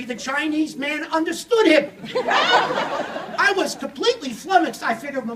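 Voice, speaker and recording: A man giving a comic, theatrical storytelling keynote on language learning, animated and at times shouting. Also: very high voice. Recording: echoey hall audio from a distant mic with audience.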